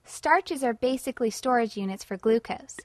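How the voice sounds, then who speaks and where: A woman's voice: on the high side, expressive, moderate pace, no echo, studio quality. A woman presenting a scripted educational lesson in a friendly, conversational way.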